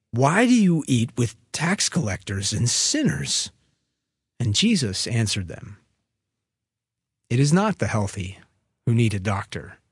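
A man delivering a sermon, reading scripture at a measured, deliberate pace. His voice sits in an ordinary middle pitch. The recording is dry and close, with no room sound. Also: no room sound. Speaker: preacher.

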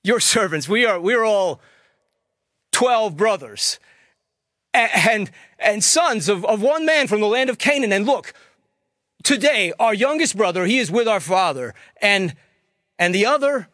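A man's voice: high voice, lively intonation, a little slow, long pauses, fairly bright tone, dry recording, clean studio sound, voice pushed up. A man voicing frightened older brothers pleading with a ruler, stammering in a raised voice. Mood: pleading nervously.

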